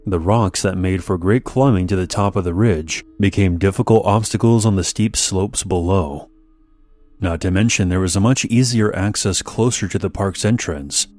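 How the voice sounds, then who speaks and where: A man narrating a scripted horror story in a measured, steady storytelling manner. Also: deep voice.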